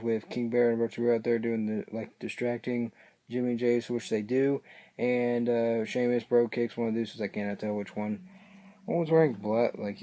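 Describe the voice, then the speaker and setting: A man's voice: medium pitch, warm tone. A man casually recapping a show, rambling and hesitant, often losing his place mid-sentence. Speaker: wrestling reaction vlogger.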